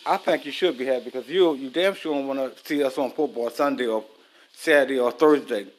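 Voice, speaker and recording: A man's voice: mid-range voice, fairly quick, slight background noise. Married man, loose profane cooking-vlog chat aimed at the camera. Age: adult, married. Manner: loose, profane, talks straight to viewers. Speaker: vlogger. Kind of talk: casual chat while cooking.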